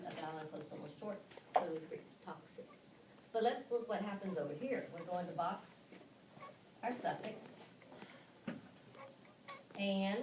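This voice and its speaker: A woman leading a phonics lesson for teachers, patient and questioning as she walks through each step. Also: fairly low pitch. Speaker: teacher trainer. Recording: echoey room from far off, background noise.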